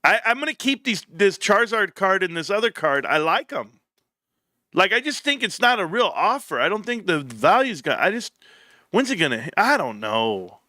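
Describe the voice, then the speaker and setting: A man's voice: high voice, big pitch swings, normal speed, sharp tone, no room sound. A man in his thirties hosting a casual livestream, joking and slipping into bits of song. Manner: joking, breaks into singing. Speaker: livestream host.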